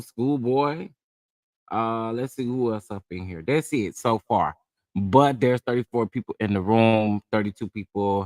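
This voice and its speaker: A man's voice: mid-range voice, no room sound, clean studio sound. A man hosting a casual live chat, feeling under the weather, greeting viewers by name in a chatty, drawling way. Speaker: livestream host.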